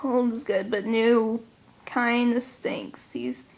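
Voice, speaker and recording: Girl doing a giddy cartoon sidekick w/ a put-on jersey accent, high voice, drawly. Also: fairly even intonation, slow, gravelly, darkish tone. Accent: put-on Jersey-Brooklyn. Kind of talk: amateur character impression.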